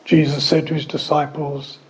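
A man giving a sermon, telling a scripture story with lively, conversational asides and questions to the listeners. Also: a little high, moderate pace, slight background noise, rough recording. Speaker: preacher.

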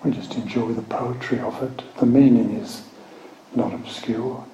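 A man teaching from the Bible, reading scripture aloud slowly with emphatic stress and explaining it. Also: medium pitch, steady tone, warm tone, dull audio. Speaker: preacher. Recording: echoey room, faint background noise.

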